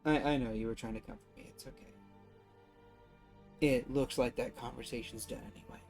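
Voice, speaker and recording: A man in a tabletop role-play, animated and quick to laugh, cursing freely as he narrates and speaks in character. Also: mid-range voice, faint music behind. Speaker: tabletop player.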